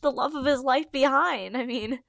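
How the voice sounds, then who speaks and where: A woman reads her old fanfiction aloud as host, breaking in often with giggly, self-mocking asides. Her voice sits fairly high. The sound is dry and close, with no room echo. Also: moderate pace, gravelly, a bit bright. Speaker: podcast host. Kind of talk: reading own old fanfiction with commentary.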